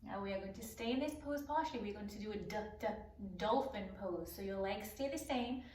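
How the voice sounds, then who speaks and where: A woman teaching a children's circle-time lesson, speaking in a slow sing-song voice and stretching out letter sounds. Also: mid-range voice, darkish tone, slight background noise. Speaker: preschool teacher. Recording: echoey room, voice from far off.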